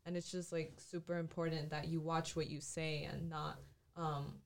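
Young woman, youth group member, low-ish voice, hesitant casual talk. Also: level tone, normal speed. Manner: hesitant, many likes and ums.

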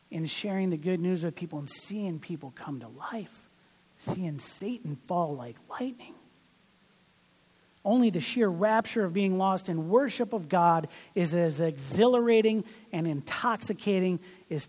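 Preaching man, mellow, in a reverberant hall. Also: high-pitched. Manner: animated storytelling, acts out little dialogues. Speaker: pastor. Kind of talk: sermon.

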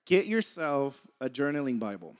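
A man's voice: mid-range voice, very animated, normal speed. A young man giving a casual sermon, conversational and laughing often, sometimes losing his train of thought. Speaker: preacher.

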